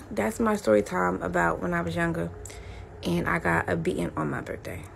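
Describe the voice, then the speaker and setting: A woman vlogger telling a childhood story in a casual, animated way, talking straight to her viewers. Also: lowish voice, moderate pace, vocal fry, a little hiss or hum. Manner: animated, chatty, addresses viewers directly.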